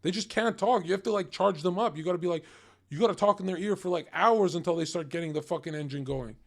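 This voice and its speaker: A man's voice: sits high, fast, creaky. A young man doing livestream reaction commentary in a crude, mocking, swear-heavy rant.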